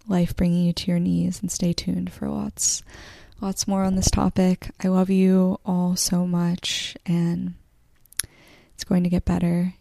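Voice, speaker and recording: A woman's voice: lowish voice, completely flat delivery, takes it slowly, gravelly, mellow, no room sound. A woman hosting a podcast, talking in an emotional, encouraging monologue to her listeners, swearing casually and close to tears. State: near tears. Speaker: podcast host.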